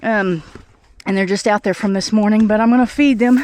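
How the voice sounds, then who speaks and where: A breathless woman vlogs her farm chores on a snowy homestead, feeding her animals in front of a tripod camera. Her medium-pitched, darkish voice is steady in tone and brisk in pace, with slight background noise. She's chatty, talks to the animals, and thinks aloud.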